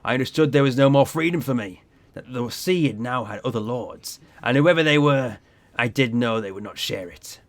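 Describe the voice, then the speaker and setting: A gruff old sea captain in a video game, drinking alone and spinning slow, heavy tales, read out by a man. The voice sits at an ordinary middle pitch. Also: close to an everyday voice.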